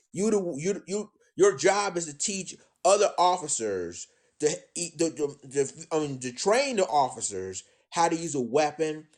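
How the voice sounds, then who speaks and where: A man giving indignant live-stream commentary, addressing his audience as ladies and gentlemen, often repeating himself. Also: a little high. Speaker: commentator on current events.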